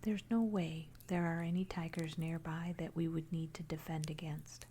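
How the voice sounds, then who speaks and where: A woman narrating a first-person horror story in a hushed, unvoiced whisper throughout. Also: sits low, flat delivery, normal speed, a little hiss or hum.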